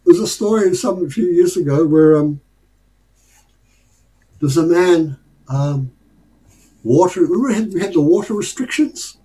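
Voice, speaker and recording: Chuckling Australian man, fairly high voice. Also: expressive, moderate pace, long pauses, dark tone, poor audio. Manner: chuckles often, rambling, conversational. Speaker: speaker sharing life lessons. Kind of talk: casual storytelling talk.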